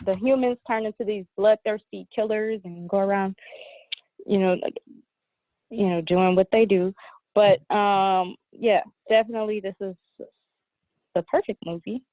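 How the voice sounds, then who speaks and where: A woman's voice: medium pitch, fairly even intonation, no room sound. Woman guest on a tinny phone line. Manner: easygoing, halting, many fillers. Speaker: podcast guest. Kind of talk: casual chat.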